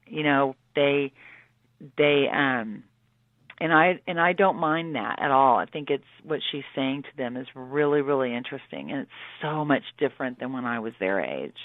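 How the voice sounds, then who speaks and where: A woman's voice: deep voice, expressive, a little slow, no echo. An American woman chats down a tinny, dry phone line in an interview. She laughs often and slips into voices to act out what others said. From United States. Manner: chatty, laughing, acts out quotes. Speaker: actress guest. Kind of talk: casual interview chat.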